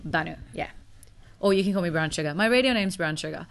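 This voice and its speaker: A woman's voice: fairly low pitch, quick pace, creaky. Confident, teasing woman with a radio voice. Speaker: podcast guest. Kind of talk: casual chat.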